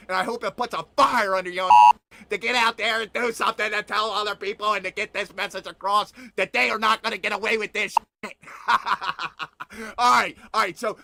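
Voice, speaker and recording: A man hosting his own online news show, talking excitedly with lots of laughter, repeating himself and drawling out words. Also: sits high, creaky, slight background noise. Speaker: host of an online news channel. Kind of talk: excited livestream monologue.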